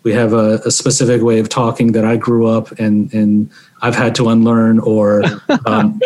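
A young man from Maryland, speaking in a halting, reflective conversational way with many fillers and restarts. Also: fairly low pitch, completely flat delivery, a little mellow. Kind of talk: conversational interview.

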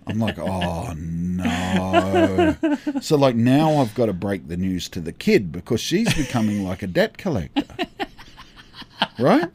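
Man, podcast co-host, casual storytelling, animated, acts out voices, laughs along. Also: fairly low pitch, moderate pace, a little hiss or hum.

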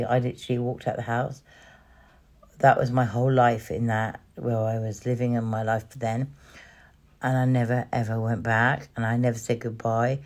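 A woman hosting a podcast, telling her personal story in an emotional, halting way with many restarts. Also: a bass voice, darkish tone. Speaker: podcast host.

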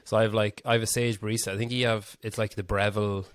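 A man's voice: fairly low pitch, little pitch movement, fast talker. A young man in casual chat, chatty and self-deprecating.

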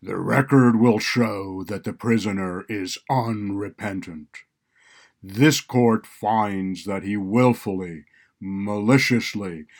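Guy reading as a deep-voiced stern judge, loud and slow, booming verdicts. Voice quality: deep resonant voice. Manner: loud, slow, measured pronouncements. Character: stern male chief judge, cold and commanding.

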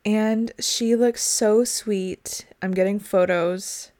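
A woman's voice: mid-range voice, fairly even intonation, slow pace, mellow. Young woman, podcast co-host, casual chat, chatty anecdotes. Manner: chatty, reacting and telling anecdotes.

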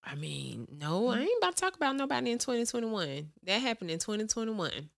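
A woman's voice: fairly high pitch, very animated, fast talker, creaky, hardly any pauses. A woman with a Southern US accent co-hosting a podcast in casual, slangy chat, laughing easily. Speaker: podcast co-host.

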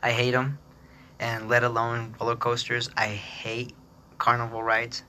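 A man's voice: medium pitch, completely flat delivery, a little slow, pushed and bright, a little hiss or hum. A man hosting a podcast, telling a long personal story in a rambling, chatty way, laughing often and mimicking other people with a raised voice. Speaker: podcast host. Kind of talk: casual storytelling.

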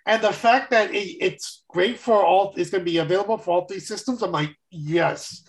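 A man's voice: high-pitched, brisk, poor audio. A man co-hosting a podcast in casual chat, rambling and restarting his sentences and laughing often. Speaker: podcast co-host.

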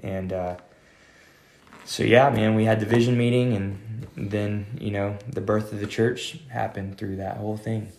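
A man talks in a rambling, easygoing way, full of fillers, restarts and "man." He is an associate pastor telling his story in a casual interview. His voice sits low, and the room gives it a noticeable echo. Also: flat delivery, measured pace, a little mellow. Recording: echoey room.

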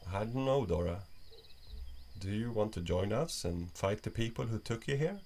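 A man playing a calm, kind soldier. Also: fairly low pitch, moderate pace, a little hiss or hum, pitched above the performer's own voice.

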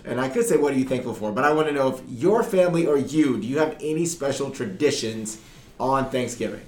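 Hoarse man with a lively voice. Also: medium pitch. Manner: animated storyteller, laughs often. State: hoarse, lost voice. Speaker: podcast co-host. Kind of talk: casual chat. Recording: roomy echo.

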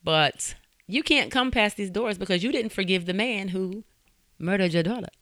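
A woman's voice: medium pitch, normal speed, a bit bright, no room sound, close to an everyday voice. A woman voicing a stern male gatekeeper of heaven, speaking in a mock-solemn, preachy way.

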